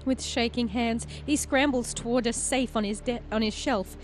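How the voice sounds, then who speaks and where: A woman playing a story game, reading its text aloud as an expressive narrator and chatting between passages. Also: fairly high pitch, normal speed, a little hiss or hum. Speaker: player and host of a game playthrough.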